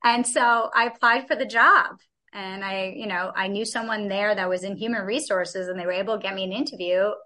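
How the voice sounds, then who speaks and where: This woman in her forties, a chatty interview guest, laughs readily and performs the voices of people in her story. She speaks at medium pitch, bright and forceful yet steady in tone, a little fast.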